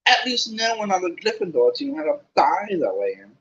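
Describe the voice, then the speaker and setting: A man voicing a bossy, clever schoolgirl who speaks sharply and turns shrill. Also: fast, husky, highs cut off.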